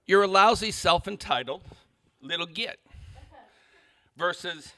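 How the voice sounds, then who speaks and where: A man's voice: high voice, expressive, normal speed, pushed and bright. A man moderating a conference panel, rambling and joking with restarts and swearing. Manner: rambling, joking, self-interrupting, profane. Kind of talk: stage rant at a conference panel. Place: conference hall stage.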